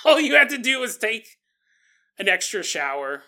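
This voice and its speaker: A man talking through his podcast on his own, casual and chatty, with a voice that rises and falls all over. He has a bright, forward tone and keeps breaking into laughter as he acts out the people in his stories. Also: high voice, a little slow. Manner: animated, laughing often, acting out quoted voices. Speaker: podcast host. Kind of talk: casual solo podcast monologue.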